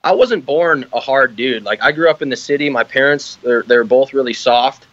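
A man's voice: medium pitch, normal speed, fairly bright tone, no echo, highs cut off. A man who is an army veteran, a guest on a casual podcast, laughing often and talking with lots of fillers and swearing. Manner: laughing, profane, filler-heavy.

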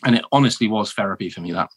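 Chatty southern English man, lowish voice. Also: racing, slightly rough, no echo. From south of England. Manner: animated, chatty, many restarts and "man". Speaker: guest, former marine. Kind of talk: casual interview storytelling.

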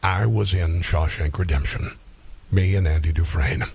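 A male radio host slips into the voice of a famous older actor. It sits far below his usual register, slow and measured. The studio is dry and close. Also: sits low, vocal fry, a little mellow, slightly rough, no room sound, pitched below the performer's own voice, exaggerated voice. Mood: indignant.

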